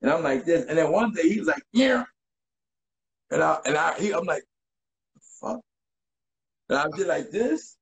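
A man in his forties, a guest in a casual interview, telling stories in an animated way and acting out quotes. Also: a little high, normal speed, creaky, pauses often, low-quality recording. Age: 40s. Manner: animated, acts out voices and quotes.

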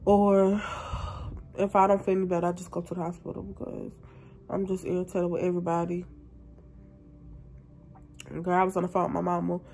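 A woman's voice: on the low side, completely flat delivery, fairly quick, long pauses, a little mellow, slight background noise. A woman, sick and coughing, complaining in a casual, drawling vlog to camera. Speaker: vlogger.

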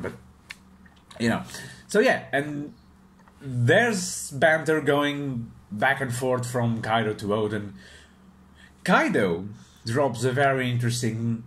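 A man's voice: mid-range voice, lively intonation, takes it slowly, pauses often, a bit bright, slight background noise. A man casually reviewing a manga chapter, hesitant and full of fillers and restarts.

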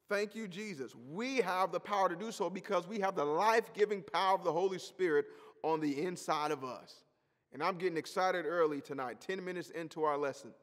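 High-voiced man preaching in a reverberant hall. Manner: emphatic preaching with repeated phrases. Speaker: pastor. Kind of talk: sermon.

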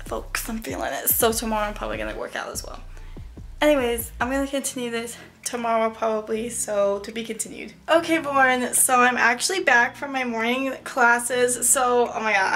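A young woman chatting rambly and bubbly in a home vlog, out of breath after rushing back from class. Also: a little high, fairly bright tone. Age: young adult. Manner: bubbly and rambling, lots of fillers and laughs. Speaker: vlogger. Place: her bedroom at home.

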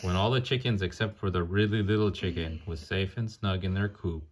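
A man with a very deep voice reads a picture book aloud to a child. He sings the rhymes playfully and breaks off now and then to chat and ask questions. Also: brisk, slight background noise. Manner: playful, sings the rhymes, chats and asks questions between pages.

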